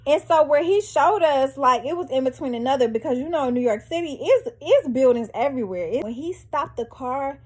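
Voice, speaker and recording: A young woman vlogger telling a dramatic story to her viewers in a lively, animated way. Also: high voice, fairly quick, hardly any pauses. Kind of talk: storytime vlog.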